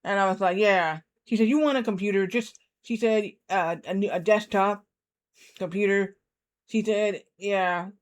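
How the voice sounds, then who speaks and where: Guy streaming a game, kinda high clean voice, rambly casual chat. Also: moderate pace. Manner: rambling, many restarts and fillers. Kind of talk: casual livestream chat while gaming.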